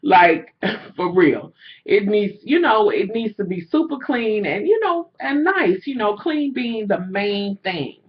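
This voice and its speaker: A young woman telling a story to her viewers in a casual, profane rant, swinging between low asides and loud outbursts. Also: big pitch swings, slow, lo-fi sound.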